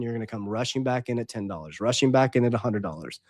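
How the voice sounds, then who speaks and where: A man's voice: mid-range voice, very fast, hardly any pauses, a little mellow, no room sound, clean studio sound. A man coaching viewers on money and investing in a casual monologue, hammering points home and checking in with "okay?". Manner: emphatic, repeats points, adds "okay?". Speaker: finance coach and app co-founder.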